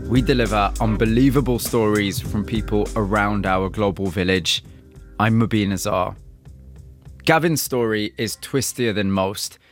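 A male radio presenter narrating a documentary segment in a measured way and asking empathetic questions. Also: lowish voice, soft background music. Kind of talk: scripted narration and interviewing.

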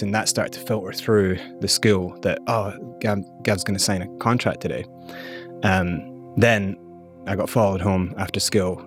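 A man with a Scottish accent, a guest in an interview, recounting his past with candid, animated storytelling. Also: on the low side. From South Africa and Scotland. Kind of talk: personal storytelling.

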